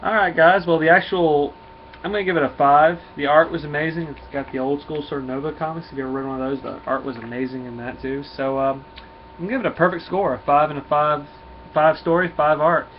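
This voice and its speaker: Folksy comic reviewer. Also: male voice, a little high, fast. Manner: relaxed, folksy, many fillers. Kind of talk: casual comic review and read-through. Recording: dull lo-fi with faint hum.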